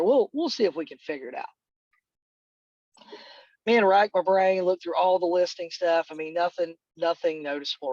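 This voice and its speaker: A middle-aged man with a fairly high voice tells a long, rambling story, dropping "dude" and "man" all through it. The call audio is dry and a little dull. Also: no room sound. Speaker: real estate agent.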